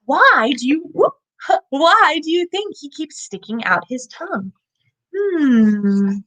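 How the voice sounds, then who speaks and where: A woman hosting a live children's animal show, animated and asking young viewers questions as she presents a lizard. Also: high voice, takes it slowly.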